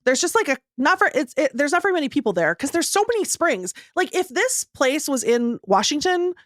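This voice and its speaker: A woman's voice: high voice, very animated, fairly quick, fairly bright tone, no room sound, studio quality. A woman co-hosting a podcast, telling a rambling story in casual chat and laughing often. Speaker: podcast co-host.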